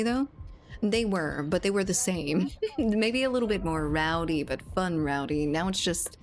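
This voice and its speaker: A woman's voice: sits low, slight background noise. A young woman streamer chatting casually and profanely during a gaming livestream, reading chat aloud.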